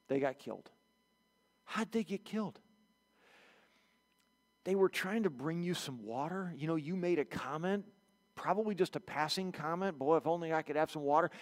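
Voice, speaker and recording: A preacher playing a hushed messenger with grim news. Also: male voice, a little high, in a large hall, natural voice. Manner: hushed, hesitant. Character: grave man breaking sad news.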